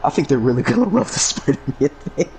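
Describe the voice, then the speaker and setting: A man's voice: medium pitch, sing-song, fast talker, gravelly, noisy background. A young man co-hosting a podcast in casual chat, joking crudely and swearing a lot. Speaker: podcast co-host.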